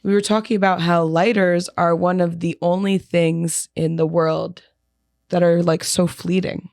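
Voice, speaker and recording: Lower-pitched laid-back woman podcaster. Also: flat delivery, a little slow, a little mellow, no room sound, clean studio sound. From New York area. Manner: laid-back, laughs often, many fillers. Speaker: podcast co-host. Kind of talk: casual chat.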